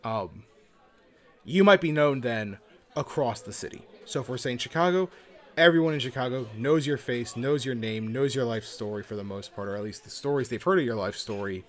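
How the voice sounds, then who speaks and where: A man's voice: mid-range voice, moderate pace. A man co-hosting a podcast, explaining things in a casual, loose way and swearing now and then. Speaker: podcast co-host. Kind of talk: casual chat about tabletop games.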